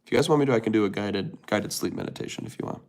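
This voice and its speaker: A man with a fairly low, darkish voice races through a casual livestream. He reads viewer comments aloud and mutters to himself while typing.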